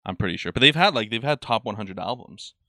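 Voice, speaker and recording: Male podcast co-host, punchy bright voice, rambling and profane, low-ish pitch, dry close mic. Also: lively intonation, fast, dry recording. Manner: rambling and profane, lots of filler "like". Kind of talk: casual chat.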